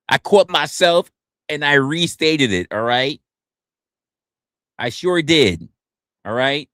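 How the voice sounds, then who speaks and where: A man running a casual livestream speaks slowly and pauses often, his loose, profane talk broken by stumbles and restarts. He's animated, with swinging pitch, captured in studio quality with no echo.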